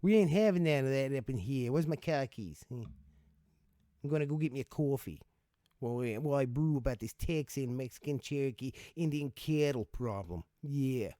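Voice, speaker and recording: A man's voice: medium pitch, animated, moderate pace, warm tone, no echo, studio quality, close to an everyday voice. A man voicing a blustery local guy who talks tough and slangy. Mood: blustering. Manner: gruff, tough-talking, slangy.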